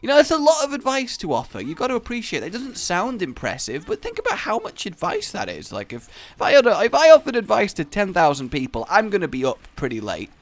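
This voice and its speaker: A man talks over a game in long, joking, rambling tangents. His voice sits a little high and swoops around a lot. The sound is dry and close, with no room around it. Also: wildly swooping pitch, quick pace, hardly any pauses, no room sound. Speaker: gaming channel host. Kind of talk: let's play commentary.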